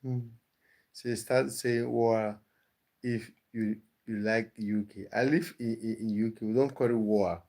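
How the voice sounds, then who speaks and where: A man with a mid-range, darkish voice speaks in a steady, unhurried way while hosting a casual livestream. He chats with viewers, reads their comments out, and often repeats words when restarting.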